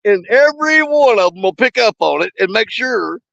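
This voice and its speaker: A middle-aged man hosting a fishing channel, chatting casually while sick with a cough and fever, folksy and quick to laugh. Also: sits high, animated, creaky, dry recording. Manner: folksy, laughs often, drawn-out shoutouts. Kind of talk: casual live chat shoutouts. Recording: dull, dry, lo-fi sound.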